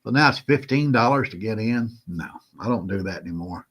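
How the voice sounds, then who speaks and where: A man's voice: lowish voice, expressive, fairly quick, fairly bright tone. A man with a Southern accent hosting a casual livestream, greeting viewers by name in a folksy way. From Southern United States. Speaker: host of a prepping livestream.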